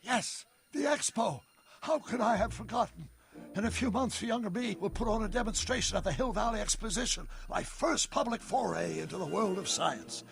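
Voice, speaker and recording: A man voicing an eccentric, excitable older male inventor in a video game, theatrical and given to sudden outbursts. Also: high-pitched, moderate pace, creaky, over music.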